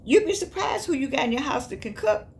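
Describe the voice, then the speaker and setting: A woman's voice: very animated, fairly quick, a little mellow. Older woman, folksy and emphatic. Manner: folksy, emphatic, preachy, with sudden high exclamations. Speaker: commentator. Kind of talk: casual spoken commentary.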